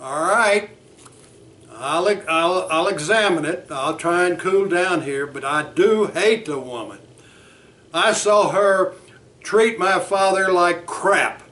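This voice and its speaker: A man's voice: high voice, moderate pace, few pauses, a bit bright, recorded from a distance. A man voicing an enraged, defiant young male graduate student who insists on his hatred. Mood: angry.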